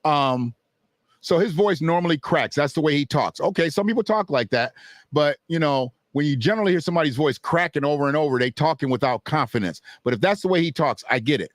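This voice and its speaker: A man's voice: on the high side, expressive, fairly quick, no room sound, clean studio sound. Blunt, profane man commentating on boxing. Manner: blunt, profane, talks back to chat and clips. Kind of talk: casual video commentary.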